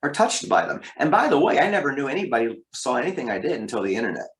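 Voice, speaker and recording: A man who works as a voice actor, telling stories from his career as an interview guest, lively and leaping up in pitch for emphasis. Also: quick pace. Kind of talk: interview storytelling. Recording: roomy echo.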